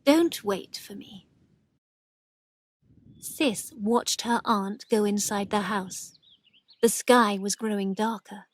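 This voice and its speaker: A woman narrating a story slowly and clearly for English learners. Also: medium pitch, no room sound, clean studio sound. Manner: slow, clear, even. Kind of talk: slow reading for English learners.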